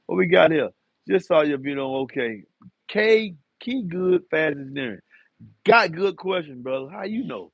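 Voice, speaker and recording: Laid back guy answering car audio questions on a livestream, kinda husky, flat dry sound. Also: medium pitch, dry recording, muffled recording. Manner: relaxed and talkative, teasing viewers, reading out comments. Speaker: host of a live car audio Q&A. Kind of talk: casual live-stream Q&A.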